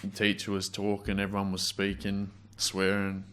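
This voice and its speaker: A man's voice: sits low, completely flat delivery, moderate pace, fairly bright tone, clean tone. A young man with an Australian accent, chatting casually as a guest and telling school stories with lots of restarts and fillers. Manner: storytelling with frequent restarts and fillers. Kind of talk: casual chat.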